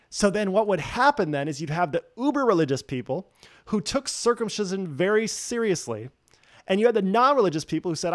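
A man's voice: sits high, big pitch swings, a little fast, no echo, clean studio sound. A man preaching a sermon, telling a story with jokes and acting out the quoted voices. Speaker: pastor.

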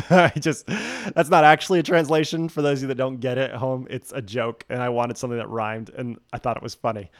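A man's voice: mid-range voice, fairly even intonation, a little fast, few pauses, no room sound, studio quality. A man preaching a sermon, telling a story with jokes and acting out the quoted voices. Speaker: pastor.

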